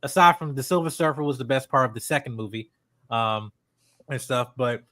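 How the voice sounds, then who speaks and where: Appearing as a guest panelist on a live stream, a man chats casually and animatedly about a movie trailer, laughing and using lots of fillers. His medium-pitched voice is brisk, recorded dry and at studio quality.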